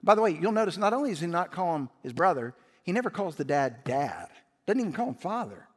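A man's voice: high-pitched, sing-song, fast talker, long reverb tail. A man preaching a sermon as pastor, emphatic and often rising to raised intensity.

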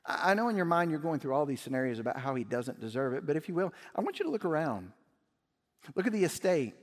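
A man's voice: on the high side, sing-song, fast, in a large hall. A man preaching a sermon as pastor, emphatic and often rising to raised intensity.

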